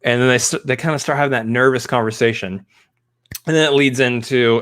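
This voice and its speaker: A man co-hosting a casual review chat, retelling scenes with lively quick quotes. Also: medium pitch. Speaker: co-host.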